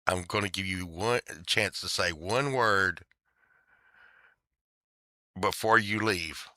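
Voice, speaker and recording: A man's voice: sits low, slow, bright, forceful tone, dry recording, exaggerated voice. A man quoting a dry, laid-back judge. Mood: wry. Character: laid-back, wry male judge cutting a deal.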